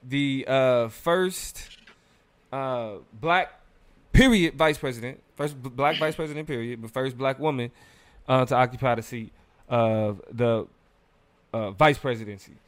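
A man co-hosts a casual live discussion, rambling with fillers and quick laughs. His voice is smooth and clear, and the sound is dry and close with no room around it. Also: mid-range voice, no room sound. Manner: loose and animated, frequent fillers, laughs while talking. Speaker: podcast co-host.

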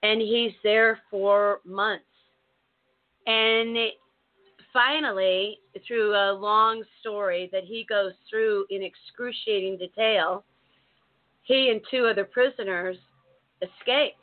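A woman co-hosting a talk show, telling a story in a casual, animated way with many restarts. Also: mid-range voice, slow. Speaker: co-host. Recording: narrow phone-like sound.

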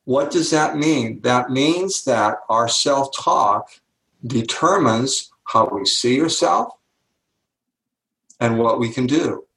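A man's voice: medium pitch, slow. An older man, a guest author, explaining ideas in an interview and acting out the voices of the people in his stories with emphasis. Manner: emphatic, animated, acts out quoted lines. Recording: echoey room.

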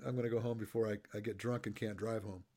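A man's voice: on the low side, little pitch movement, quick pace, dark tone. A middle-aged man interviewing a guest and coaching, telling loose, joking stories in a casual chat. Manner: chatty storyteller, loose and joking.

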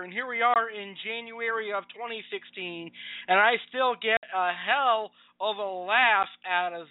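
A man's voice: sits high, clean tone, no echo. A man hosting his podcast, chatty and easily amused. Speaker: podcast host. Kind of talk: casual podcast talk. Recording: tinny phone-like line.

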